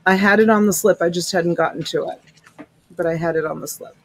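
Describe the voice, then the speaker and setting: A middle-aged woman speaks fairly quickly in a low, steady voice while hosting a casual live-stream resale. The USB desk mic audio is poor, and she greets each viewer by name, using honey and sweetheart.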